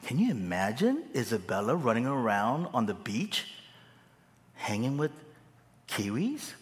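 A man's voice: mid-range voice, big pitch swings, a little slow, long pauses, in a large hall, a little hiss or hum. A man preaching a sermon, telling stories with humor and building to emphatic exhortation. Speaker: pastor.

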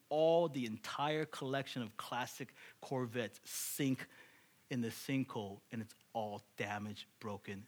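A man preaching a sermon to his congregation, animated, asking rhetorical questions and building up to loud, excited peaks. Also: mid-range voice. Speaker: pastor.

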